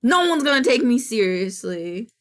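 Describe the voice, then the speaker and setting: A young woman with an American accent holds a loose, excitable chat with her viewers. Her voice is bright and forward, and she talks casually, swearing now and then as she answers chat and works on her desktop. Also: a little high, moderate pace. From United States. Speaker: streamer. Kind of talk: casual live-stream chat.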